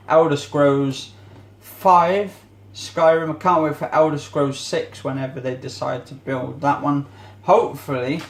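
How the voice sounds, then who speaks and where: A man's voice: mid-range voice, reverberant. A man vlogging in a casual, rambling way while he cleans his home kitchen, often searching for words.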